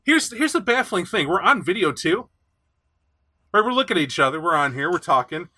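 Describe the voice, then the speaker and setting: A man hosting a podcast in casual chat, animated and chatty, reading aloud from a rulebook. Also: sits high, a little fast, slightly rough. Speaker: podcast host.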